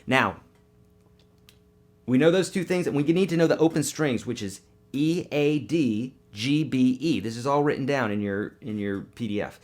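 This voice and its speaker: A man teaching guitar on a live webcast, upbeat and quick, singing note names now and then, with his morning voice. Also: medium pitch.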